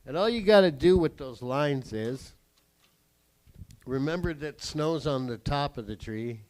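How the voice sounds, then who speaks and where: A man doing stand-up comedy and a drawing lesson on a theatre stage, swearing freely, acting out his family and swinging from quiet asides to sudden shouts. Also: a little high, lively intonation, rough recording. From Canada. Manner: acts out family members in quick voices. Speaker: comedian and cartoonist. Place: theatre stage with a live audience.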